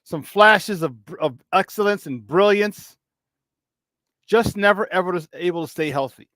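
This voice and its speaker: A man's voice: high-pitched, unhurried, a bit bright, no echo. A young man hosting a casual morning sports talk show, rambling loosely and slipping into Spanish phrases.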